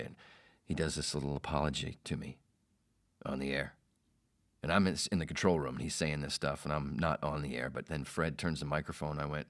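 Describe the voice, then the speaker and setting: A man's voice: very deep voice, steady tone, fairly quick, a bit bright. A man hosting a podcast, telling a rambling, profane story in a casual way. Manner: rambling, profane, self-interrupting. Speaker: podcast host.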